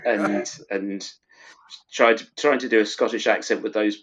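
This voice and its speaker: A man's voice: on the low side, fairly even intonation, moderate pace, slightly rough. A middle-aged man as a podcast guest, chatting fondly and rambling with many restarts. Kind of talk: casual chat. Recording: dull lo-fi recording.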